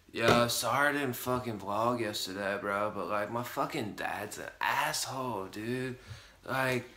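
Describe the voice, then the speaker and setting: A man's voice: medium pitch, pushed and bright, a little hiss or hum. An adult man voicing a crude, angry teenage boy vlogger who swears constantly and talks in slang. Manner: foul-mouthed, whiny, slangy. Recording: roomy echo.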